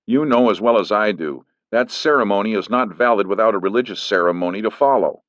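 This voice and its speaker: Man voicing a firm man, measured, defensive, dry lo-fi sound. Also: fairly low pitch, fairly bright tone, dry recording, pitched above the performer's own voice, lightly acted. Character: firm middle-aged man, a lawyer. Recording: dull lo-fi recording.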